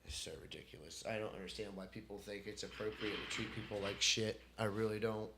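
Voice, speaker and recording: A man ranting to camera in an unscripted solo vlog, profane and heated, swinging between loud outbursts and muttering. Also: lowish voice, fairly even intonation, fairly quick, noisy background. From United States. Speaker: vlogger. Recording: echoey room.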